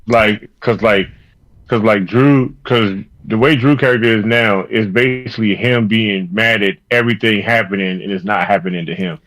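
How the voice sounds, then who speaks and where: A man's voice: on the low side, normal speed, a bit bright, rough recording. A man co-hosting a wrestling podcast, talking in a loose, profane, rambling way. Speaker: podcast co-host. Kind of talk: casual wrestling chat.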